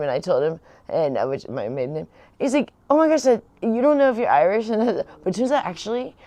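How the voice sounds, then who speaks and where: A woman host tells rambling personal stories in casual chat on her channel, laughing often. Her voice sits low and is a little mellow, with no room sound.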